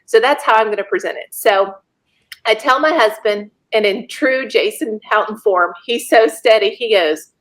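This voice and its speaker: Woman in her forties, guest storyteller, slightly high voice, lively and quick to laugh. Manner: lively, laughs often while telling a story. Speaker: podcast guest. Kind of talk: casual storytelling.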